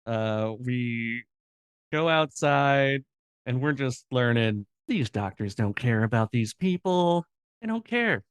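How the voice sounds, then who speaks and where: A man's voice: medium pitch, animated, slow pace, smooth, no echo. A man co-hosting a podcast, chatting casually with playful reactions and jokes. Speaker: podcast co-host. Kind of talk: casual chat.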